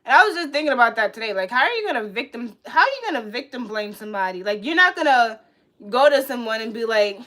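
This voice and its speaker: Brief: woman livestreamer, fairly high voice, blunt and cussing, goes from loud to muttering. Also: fast talker. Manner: blunt, profane, animated, swings from loud to muttering. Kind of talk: casual rant to viewers.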